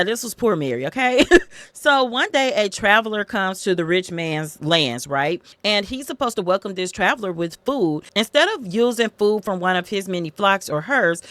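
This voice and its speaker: A woman in casual storytelling, retelling Bible stories as a show host, animated and playful, acting out the people she quotes. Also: medium pitch, dry recording.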